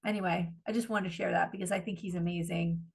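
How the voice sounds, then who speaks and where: A woman's voice: lowish voice, fairly even intonation, fast, creaky, slightly rough. A woman co-hosting a podcast, chatting casually and animatedly, gushing and swearing freely. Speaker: podcast co-host. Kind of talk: casual chat.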